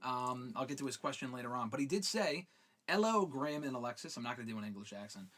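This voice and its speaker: A man's voice: mid-range voice, animated, fast talker, a bit bright. A man hosting a live fan Q&A stream. He talks casually and swears freely while reading out viewer questions. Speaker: host.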